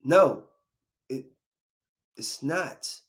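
A man's voice: medium pitch, lively intonation, extremely slow. A young adult man delivering a comic monologue, full of incredulous rhetorical questions. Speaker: comedian. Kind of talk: stand-up style comic monologue.

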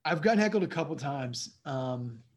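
Chatty comedian man, slightly high voice. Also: lively intonation, moderate pace. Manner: rambling storyteller, keeps saying "you know what I mean". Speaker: guest comedian. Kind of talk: casual interview chat.

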